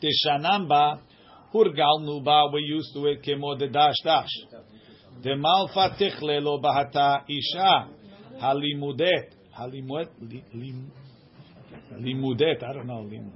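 A man teaching a small study group reads aloud and translates each line as he goes. He often asks "right?" and his voice sits a little high. The recording sounds dull and lo-fi. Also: a little slow. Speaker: Talmud teacher.

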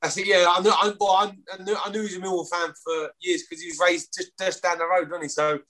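A man's voice: high-pitched, flat delivery, fast, sharp tone. A man in his thirties with a London accent, a rugby player chatting casually as a guest, rambling with stumbling restarts and some swearing. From London, England. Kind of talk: casual chat.

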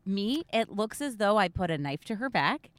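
A woman's voice: medium pitch, big pitch swings, normal speed, no room sound. A woman hosting a casual podcast chat, joking in a playful, dry way. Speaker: podcast host.

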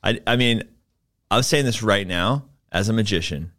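A man's voice: lowish voice, moderate pace, fairly bright tone. A man who is a magician, guesting on a podcast, laughing easily and restarting his sentences as he talks. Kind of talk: casual podcast chat.

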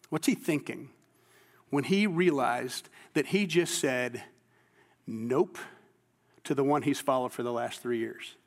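A man's voice: fairly high pitch, big-room sound. A man preaching a sermon as a pastor, talking in a conversational, earnest way with frequent restarts and sudden emphatic bursts.

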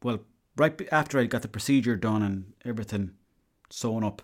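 A man's voice: on the low side, brisk. A young Irish man hosting a podcast, telling a long story in a rambling, profane way and slipping into quoted asides. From Ireland. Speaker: podcast host. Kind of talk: casual storytelling monologue.

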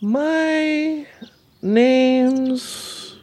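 A man voicing a shy little sloth girl who speaks in slow, halting, quiet words. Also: very high-pitched, no echo, voice pushed up, exaggerated voice. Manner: drawn-out, halting, quiet delivery.

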